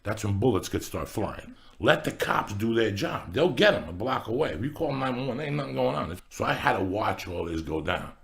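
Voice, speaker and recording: A man's voice: on the low side, a little fast. A middle-aged man telling street stories in casual podcast chat, acting out the voices of people in them. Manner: gravelly, animated street storyteller acting out voices. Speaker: podcast host. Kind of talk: casual storytelling.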